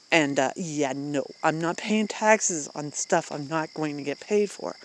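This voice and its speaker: This adult vlogger's mid-range voice moves slowly through a candid, rambling vent to camera, peppered with fillers, self-interruptions and quick laughs. Indignation makes the speech louder and more emphatic, and there's slight background noise.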